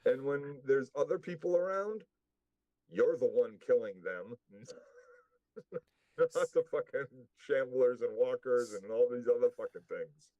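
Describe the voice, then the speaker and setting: A man's voice: mid-range voice, expressive, a little slow, mellow, dull audio. A man co-hosting a casual recap, blunt and profane in his opinions. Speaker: podcast co-host.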